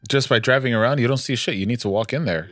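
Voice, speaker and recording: A man's voice: mid-range voice, quick pace, fairly bright tone, no room sound, studio quality. Blunt guy chatting over a movie, says it straight, music faint behind. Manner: blunt, matter-of-fact, profane. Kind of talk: casual movie watch-along chat.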